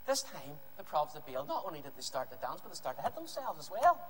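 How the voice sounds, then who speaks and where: A man preaching, telling a Bible story to a congregation in a lively, acting-out way. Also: a little high, fast. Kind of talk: animated children's Bible story. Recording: reverberant hall with faint noise.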